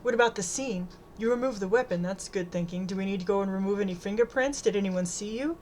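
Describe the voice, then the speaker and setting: A woman's voice: mid-range voice, fast talker, darkish tone, slight background noise, lightly acted. Woman voicing a blunt, fierce friend. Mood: eager.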